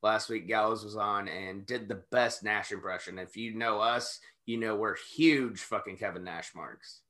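A man's voice: lowish voice, moderate pace. A man co-hosting a podcast, watching an old wrestling match and joking around in casual, profane chat. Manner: animated, profane, jokey riffing. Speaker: podcast co-host.

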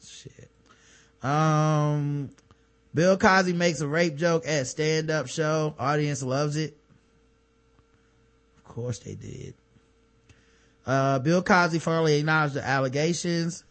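A man's voice: a little high, steady tone, slow pace, long pauses, a bit bright. A man co-hosting a podcast, reading news items aloud and breaking off with sarcastic, profane remarks in casual chat. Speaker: podcast co-host.

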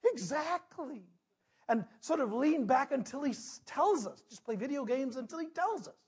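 Animated, husky-voiced male preacher. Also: very high-pitched. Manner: animated storyteller, swings from loud to hushed. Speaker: pastor. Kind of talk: sermon with personal story.

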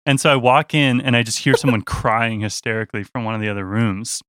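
A young man, a touring musician, telling a story in an animated, casual way with lots of restarts and laughs. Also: mid-range voice, a little fast, clear, resonant tone, no echo, studio quality.

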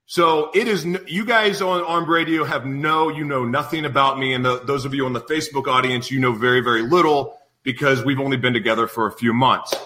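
A man in his thirties hosting a live radio show, opening with a rambling, self-deprecating, excitable monologue. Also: mid-range voice, brisk, hardly any pauses. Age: 30s. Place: studio in San Diego.

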